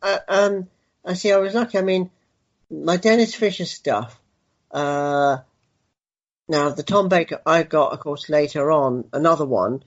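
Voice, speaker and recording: A man's voice: on the high side, measured pace. Chatty male guest, lo-fi line. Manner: rambling, chatty. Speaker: guest collector. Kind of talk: casual interview chat.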